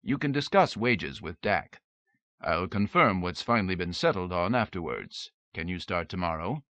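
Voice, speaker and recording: A man's voice: deep voice, animated, moderate pace, pushed and bright, no echo, heavily acted. A man as a terse, formal master of the house. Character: commanding male inventor, terse and formal. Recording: dull dry lo-fi recording.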